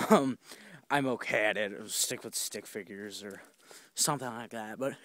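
A man's voice: on the low side, normal speed, fairly bright tone, no echo. A young man telling rambling stories outdoors while walking, swearing often and acting out what people said. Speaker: vlogger. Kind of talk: casual storytelling on a walk. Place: outdoors on a walk.

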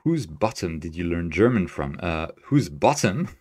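Low-pitched and unhurried, this man's voice has a darkish tone, a breathy edge, and big pitch swings. He hosts a live astrophotography stream from his home desk in Tokyo, thinking aloud over a screen tutorial and happily answering viewers' chat.

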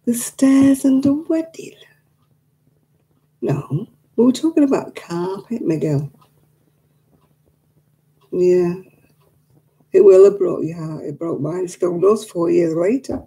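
Livestream host, woman, dark gravelly voice, chatty and warm with her viewers. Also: on the low side, lively intonation, measured pace, long pauses, low-quality recording. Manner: chatty, reads and answers viewer comments; emotional about her late dog. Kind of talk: casual chat with live viewers.

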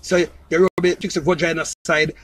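A man's voice: a little high, flat delivery, a little fast, fairly bright tone, dry recording, low-quality recording. A man with a Jamaican accent in a loose, rambling casual monologue, repeating himself and often asking if you understand. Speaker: entertainer promoting his new song.

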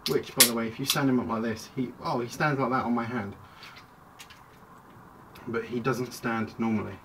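A man's voice: mid-range voice, fairly even intonation, normal speed. A man casually reviewing a toy at home, chatty and rambling, often breaking off mid-sentence. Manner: rambling, chatty, self-interrupting. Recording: distant mic with clear background noise.

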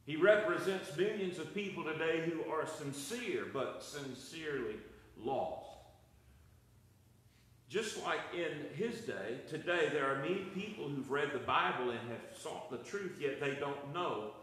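Preaching pastor in an echoey room. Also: male voice, fairly high pitch, expressive, measured pace, a bit bright. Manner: preaching with rising and falling emphasis. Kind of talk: Bible study sermon. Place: church.

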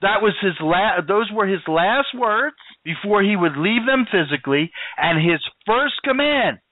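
A man's voice: high-pitched, expressive, measured pace, no room sound. Emphatic male preacher on tinny radio. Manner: emphatic, rising and falling preaching cadence. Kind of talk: sermon.

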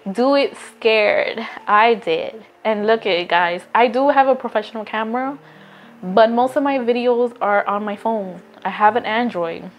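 A woman talking straight to her phone camera in a casual, earnest vlog, encouraging viewers and often stopping to restart a thought. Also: on the high side. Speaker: vlogger. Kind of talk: casual motivational talk to camera.

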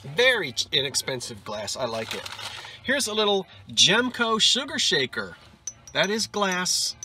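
A middle-aged man vlogging his thrift hunting, chatty and quick to exclaim over each find. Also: high voice, soft background music. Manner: excitable, exclaims over finds, chatty asides. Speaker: antiques and vintage reseller. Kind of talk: casual thrifting vlog. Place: in a car and a thrift store.

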